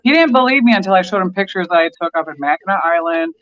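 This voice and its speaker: A man from Michigan trading stories in a casual bar chat, cussing freely. His voice sits high and comes across bright and tense. The recording sounds muffled and lo-fi. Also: animated, fast. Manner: profane, blunt storytelling. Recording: dull lo-fi sound.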